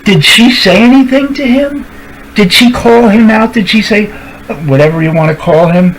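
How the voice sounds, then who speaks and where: A man's voice: high-pitched, moderate pace, slight background noise, low-quality recording. A streamer ranting to camera, calling out people by name and repeating his points for emphasis. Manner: confrontational, addresses people directly by name. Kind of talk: angry rant to camera.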